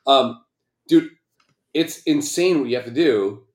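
Guy rambling and cussing through casual banter, mid-pitched voice, roomy echo. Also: expressive, unhurried. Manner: rambling, swears a lot. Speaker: podcast co-host.

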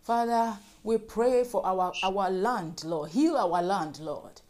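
A woman's voice: medium pitch, takes it slowly, a little mellow. A woman leading fervent group prayer, repeating petitions and breaking into speaking in tongues. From Africa. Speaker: prayer leader.

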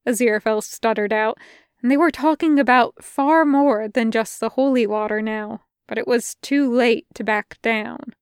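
A woman narrating a fan fiction audiobook in a measured, intimate way, close to the mic. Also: fairly high pitch, clear, resonant tone, dry recording. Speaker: podfic reader.

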